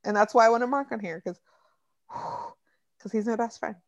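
A young adult woman hosting a casual podcast from home, chatty and quick to cut in with asides and swearing. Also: a little high, no room sound, muffled recording. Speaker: podcast host.

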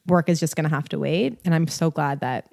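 A young adult woman chatting as a podcast guest, relaxed and talkative with lots of fillers. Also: low voice, fairly quick, gravelly, no echo, clean studio sound. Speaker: podcast guest, content creator. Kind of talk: casual chat.

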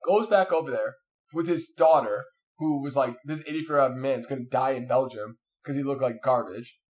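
A man in casual chat, telling a long story with lots of fillers and restarts. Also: mid-range voice. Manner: rambling, animated, many fillers and restarts.

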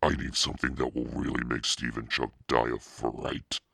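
A man's voice: extremely low pitch, flat delivery, moderate pace, creaky, pushed and bright, husky, dry recording, studio quality, exaggerated voice. A man reading aloud and voicing a timid, determined young girl who stammers when scared. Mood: anxious. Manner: stammering, pleading.

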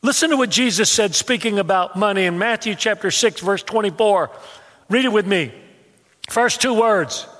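A man's voice: high voice, normal speed, in a large hall. A man preaching a sermon as pastor, telling stories with humor and stumbling restarts. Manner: animated, humorous storytelling with repetitions and stammered restarts. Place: church hall.

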